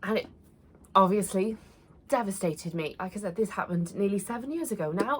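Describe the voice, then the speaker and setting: A woman's voice: medium pitch, moderate pace, slight background noise. A woman, telling a personal story to camera in an earnest, conversational way with many fillers. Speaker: vlogger.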